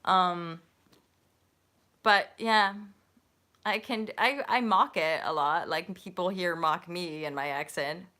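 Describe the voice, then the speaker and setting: A woman's voice: on the low side, slow, pauses often, sharp tone. A Canadian woman hosting a casual chat, rambling dreamily about spirituality and life in the UK. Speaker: host.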